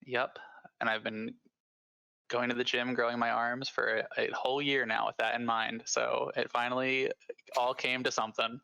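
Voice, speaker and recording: A man's voice: medium pitch, level tone, moderate pace, vocal fry, sharp tone, clean tone, dry recording, low-quality recording. A man chatting casually about a recent weekend, laid-back and self-mocking. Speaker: player. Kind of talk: casual chat.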